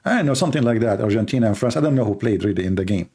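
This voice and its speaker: A man with a gravelly, dark-toned voice riffs through a live-stream monologue. He jokes and teases as he talks, stumbling over his grammar and restarting his sentences. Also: fairly low pitch. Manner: animated, joking, teasing, with halting non-native grammar. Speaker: live-stream show host.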